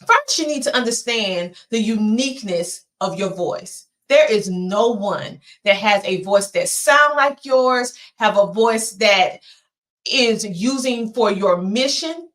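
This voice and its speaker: A woman with a Southern twang giving an earnest, emphatic motivational presentation with dramatic pauses. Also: medium pitch. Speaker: motivational speaker.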